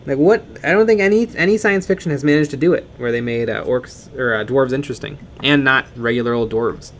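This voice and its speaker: A man co-hosts a laid-back miniature-painting stream, rambling and joking as he reads chat comments, with fillers and restarts. His medium-pitched voice moves fairly quickly, and there's a little hiss or hum.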